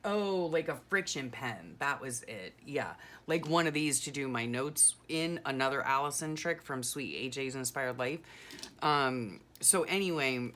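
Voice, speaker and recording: A woman's voice: very deep voice, lively intonation, measured pace, fairly bright tone, slight background noise. A middle-aged woman chatting casually and rambling through a story, full of "you know" and "like", as a journaling vlogger.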